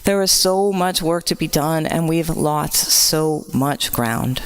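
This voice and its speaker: A woman from Texas delivers a sermon to her congregation. She speaks in an earnest, personal way and turns impassioned at the high points. She is recorded in a church sanctuary. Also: takes it slowly. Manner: earnest, grows impassioned with rising pitch. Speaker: lay preacher.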